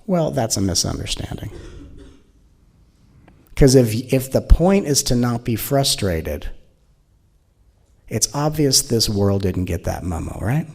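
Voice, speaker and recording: Man, spiritual teacher, gravelly voice, animated and playful, speaking to an audience. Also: medium pitch, slow pace, pauses often.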